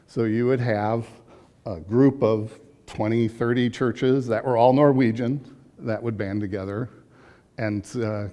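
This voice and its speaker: A man's voice: fairly low pitch, mellow. A man teaching an adult education class in a casual lecture style, chatty, with frequent fillers and restarts.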